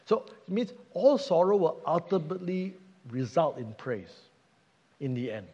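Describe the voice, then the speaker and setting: A man's voice: on the high side, big pitch swings, a little slow, dark tone, breathy edge. Male preacher, emphatic sermon delivery, muffled sound with hall reverb. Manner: earnest, emphatic, rhetorical questions.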